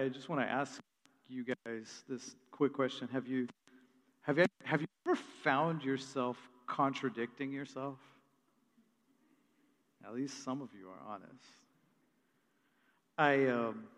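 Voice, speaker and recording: A man in his thirties, a pastor preaching a sermon and telling stories with lively energy. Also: mid-range voice. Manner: storytelling, animated when retelling family moments. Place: church hall. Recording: long reverb of a large hall.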